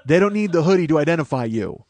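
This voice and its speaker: A man in his forties hosting a comedy podcast, ranting with heavy profanity and loud outbursts. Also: fairly high pitch, expressive, quick pace, dry recording. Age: 40s.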